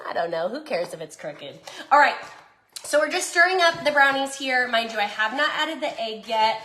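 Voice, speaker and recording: A woman's voice: sits high, animated, moderate pace, bright, forceful tone, echoey room, slight background noise. A woman with a Southern accent chatting casually as she cooks in her home kitchen, talking to her viewers. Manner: chatty, bubbly, talks while cooking. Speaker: cooking vlogger. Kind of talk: casual cooking chat.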